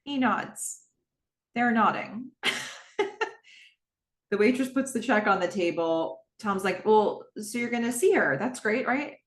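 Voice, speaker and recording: A woman's voice: mid-range voice, expressive, a little slow, pauses often, roomy sound. A woman hosting a podcast, recapping a TV episode in casual talk, chatty with exasperated asides and lots of fillers. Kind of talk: casual solo recap, reading out scenes.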